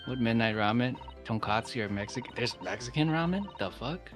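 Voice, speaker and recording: Low-voiced joking woman streamer. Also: lively intonation, a little fast, few pauses, soft background music. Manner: joking, swearing, playful. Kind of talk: casual gameplay chat and voicing dialogue.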